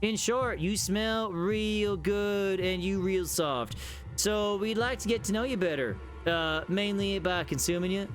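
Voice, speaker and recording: A man voicing a creepy plant monster that speaks in a put-on Southern US drawl, slow and fumbling. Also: high-pitched, soft background music.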